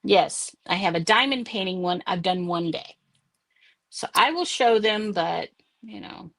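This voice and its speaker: A woman at an even middle pitch, talking slowly and without hurry. She rambles through a casual chat on a video call. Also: creaky. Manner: rambling, unhurried storytelling. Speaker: podcast host.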